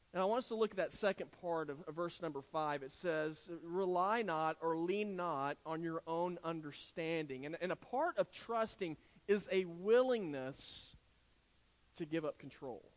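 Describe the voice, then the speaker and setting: A middle-aged man, preaching a sermon in an earnest, conversational way with frequent restarts. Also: high-pitched. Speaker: pastor.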